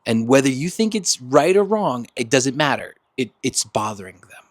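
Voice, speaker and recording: A man hosting a self-help podcast in a casual monologue, animated and laughing often as he acts out quoted friends. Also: mid-range voice, normal speed, no room sound. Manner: laughs often between points. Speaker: podcast host.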